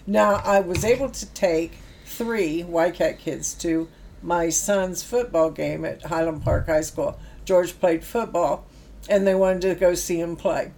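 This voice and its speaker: A woman's voice: fairly low pitch, unhurried, creaky, a little mellow, a little hiss or hum. A middle-aged woman, telling stories about her youth work in a chatty way, laughing now and then. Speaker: former youth project worker. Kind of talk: anecdotal storytelling.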